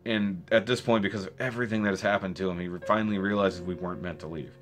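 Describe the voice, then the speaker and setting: A man recapping a show in a casual spoken review, rambling and excitable, with restarts and rhetorical questions. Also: low voice, fast talker, faint music behind. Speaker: video reviewer.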